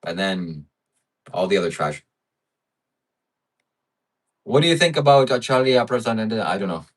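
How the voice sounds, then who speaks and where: A man's voice: lowish voice, big pitch swings, normal speed. Sarcastic male livestream host. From Ukraine. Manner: sarcastic, swings from mock outrage to soft preaching. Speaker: livestream host reading chat. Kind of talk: casual livestream chat.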